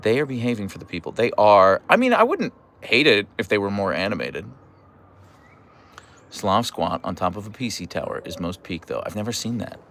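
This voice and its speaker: A man's voice: lowish voice, very animated, moderate pace, a bit bright, slight background noise. A man from Pittsburgh with a Pittsburgh accent, chatting casually on a livestream, reading viewer comments and teasing. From United States. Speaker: livestream host reading chat.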